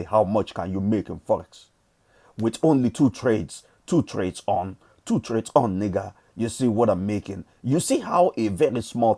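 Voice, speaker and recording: Preachy Nigerian man, low mellow voice. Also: creaky, slightly rough. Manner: preachy and emphatic, repeats phrases, swears casually. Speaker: forex trading vlogger. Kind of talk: motivational monologue.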